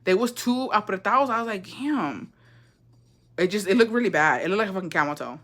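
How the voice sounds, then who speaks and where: A young woman rattles off a story at high speed, her voice bright and sharp. She swears freely, rambles, and drops into Spanish mid-sentence. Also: expressive, racing. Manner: profane, rambling, switches into Spanish. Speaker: vlogger. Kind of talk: casual storytime.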